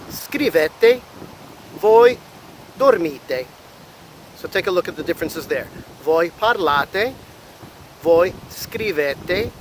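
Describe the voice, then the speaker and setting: An American man teaching an Italian lesson, slowly and carefully sounding out each verb form for learners. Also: on the high side, a little hiss or hum, poor audio. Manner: slow, careful modeling of Italian words. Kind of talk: language lesson.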